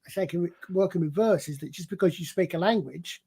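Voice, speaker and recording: A man's voice: high-pitched, fast, vocal fry, dark tone, slightly rough. A man in a casual panel chat, explaining things at length in a rambling, digressive way with many restarts. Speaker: panel guest.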